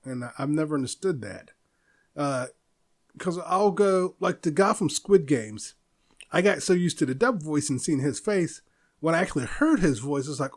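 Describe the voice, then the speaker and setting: Solo podcast host, man, slightly higher voice, loose rambling delivery with frequent chuckles. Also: lively intonation, normal speed. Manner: rambling, chuckles often, loose and self-interrupting. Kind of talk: casual solo podcast talk.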